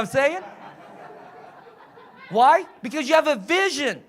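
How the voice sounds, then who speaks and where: A man giving a motivational seminar as a coach, fiery and loud, shouting and swearing to rouse his audience. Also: very high-pitched, very animated, takes it slowly. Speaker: coach and trainer. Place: live seminar in front of an audience.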